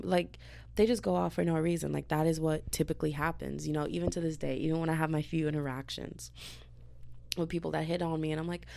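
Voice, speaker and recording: A woman in her early twenties hosting a podcast, ranting casually and rambling, tired but wired, often jumping into high-pitched voices to quote people. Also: fairly even intonation, fast, gravelly, darkish tone. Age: 20s. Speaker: podcast host.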